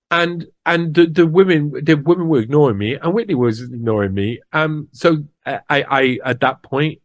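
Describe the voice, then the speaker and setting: Man, halting with restarts. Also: a little high, no room sound. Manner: halting, frequent restarts, replays past dialogue. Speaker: interviewee. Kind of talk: personal account.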